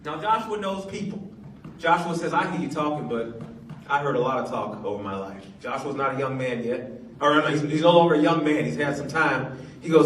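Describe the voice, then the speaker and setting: A man's voice: fairly high pitch, brisk, fairly bright tone, a little hiss or hum. A man in his forties, a pastor telling a funny story in a sermon, playful and laughing often. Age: 40s. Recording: echoey room, mic at a distance.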